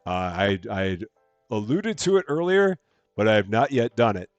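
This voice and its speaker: A man's voice: on the low side, very animated, moderate pace, no room sound, dull audio, soft background music. A man streaming a game live, chatting through his moves and thanking viewers as he plays. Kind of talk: live gameplay commentary.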